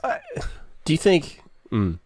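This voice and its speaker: A man hosting a casual chat, asking curious questions in a relaxed way with many fillers. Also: on the high side, slow, slight background noise.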